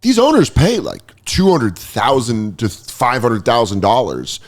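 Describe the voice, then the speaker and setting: A man's voice: medium pitch, a little slow. A man hosting a podcast, telling stories in casual comedic chat and acting out the people he quotes. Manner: animated storyteller, acts out quoted people with voices. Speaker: podcast host.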